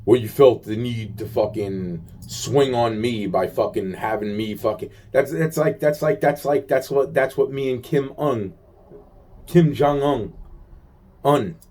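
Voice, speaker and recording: A man's voice: mid-range voice, normal speed, few pauses, a little mellow. A man venting in a rambling casual monologue, agitated, profane and full of repeated fillers.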